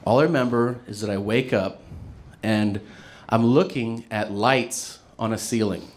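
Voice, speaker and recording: A middle-aged man telling a stand-up comedy story in a loose, profane way, jumping into quick voices for other people's lines. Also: on the low side, fairly even intonation.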